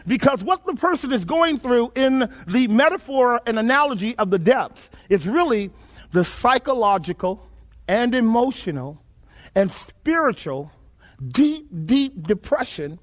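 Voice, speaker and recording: A man preaching a sermon, emphatic and repetitive, asking his listeners questions and repeating phrases. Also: very high-pitched.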